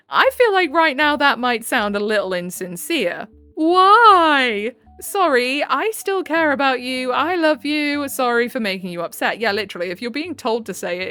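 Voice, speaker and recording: Girl reading reddit stuff out loud, sarcastic and blunt, voice bounces up and down a lot. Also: on the high side, no echo. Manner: sarcastic, frank, quick to laugh. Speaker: channel host reading online posts. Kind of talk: reading posts with chatty commentary.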